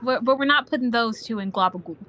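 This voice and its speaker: A woman's voice: on the high side, fast talker, sharp tone, slight background noise. A woman chatting and giggling as a player in a casual tabletop game session.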